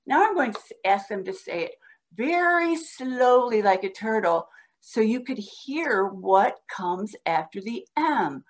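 A woman guest on a podcast, patiently explaining how to teach a child to read, sounding out words slowly as she demonstrates. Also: on the high side, lively intonation. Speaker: guest reading educator. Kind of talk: instructional podcast talk.

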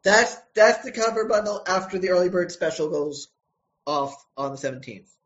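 A male comic creator answering interview questions casually, often pausing and restarting his sentences. His voice sits a little higher than most men's. The sound is slightly dull and lo-fi. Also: animated, fairly bright tone. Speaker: comic book writer and co-creator.

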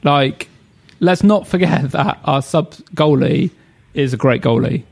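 A man's voice: fairly high pitch, a little slow, gravelly. A man as a podcast guest, rambling and thinking aloud about football. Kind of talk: casual football chat.

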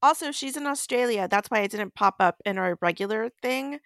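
A woman co-hosting a casual book podcast, chatting in a relaxed way with quick asides. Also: fairly high pitch, vocal fry, no echo, clean studio sound. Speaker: podcast co-host.

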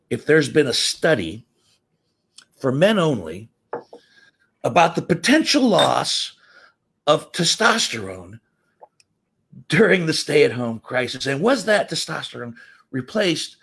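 A middle-aged man hosting a podcast, telling stories in an animated way, laughing and jumping up in pitch when excited. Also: vocal fry, slightly rough. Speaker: podcast host. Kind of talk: casual storytelling monologue.

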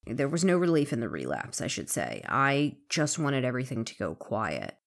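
A woman frankly telling her own story, halting and candid, with occasional swearing. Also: extremely low pitch, big pitch swings, creaky. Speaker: interviewee in recovery. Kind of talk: emotional personal storytelling.

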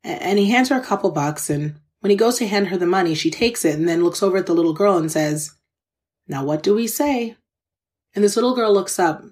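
A woman's voice: medium pitch, lively intonation, fairly quick, darkish tone. A woman hosting a podcast, telling a personal story in an earnest, candid, conversational way, speaking straight to her listeners and openly moved by what she recalls. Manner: faith-filled, conversational, addresses listeners directly. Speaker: podcast host.

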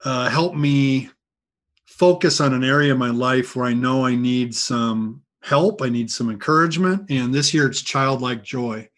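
A man hosts a relaxed podcast interview, musing and encouraging as he responds to his guests. His voice sits at an ordinary pitch and is spoken at an easy conversational pace. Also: a little slow. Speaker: podcast host. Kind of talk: casual interview.

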